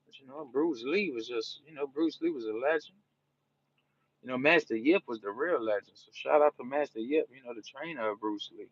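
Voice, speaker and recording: A man's voice: medium pitch, a little fast, dry recording. New orleans dude chatting on his live stream, easygoing and rambly, muffled lo-fi sound. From New Orleans, Louisiana. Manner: laid-back, rambling, peppered with "you know". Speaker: livestreamer. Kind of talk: casual live-stream chat with viewers.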